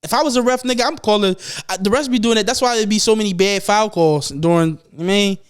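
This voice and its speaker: A young man hosting a podcast, chatting casually and profanely, getting animated and louder as he gets excited. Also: high-pitched, fast, clear, resonant tone. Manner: animated, profane storytelling, rising loud when excited. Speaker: podcast host. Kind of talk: casual chat.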